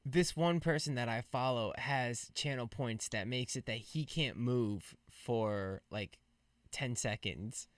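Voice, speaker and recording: Speaking slowly in a mid-range voice, a man who streams and hosts a gaming podcast keeps the casual chat easygoing and laughs readily. The recording is dry.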